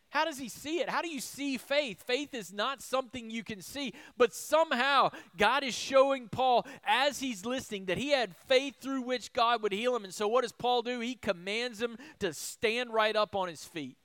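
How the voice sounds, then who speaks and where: A male pastor delivers a sermon in a high, smooth voice. He asks the room rhetorical questions, punches key lines loudly and then drops to quiet asides. The sound is dry and close. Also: dry recording. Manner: animated, rhetorical questions, shifts between loud emphasis and soft asides.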